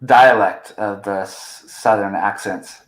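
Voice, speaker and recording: A man's voice: fairly low pitch, takes it slowly. Chatty man in an echoey room. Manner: chatty, trailing restarts and fillers. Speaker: podcast host. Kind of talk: casual chat.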